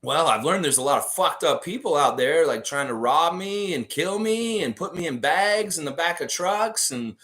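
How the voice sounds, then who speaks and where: A man putting on a little cartoonish male dinosaur mascot, whiny and baffled, who keeps asking what everyone means. The voice jumps far above the man's usual pitch into a squeaky, plaintive register, like a confused creature in a storybook tale. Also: expressive, moderate pace, hardly any pauses, a bit bright. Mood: complaining.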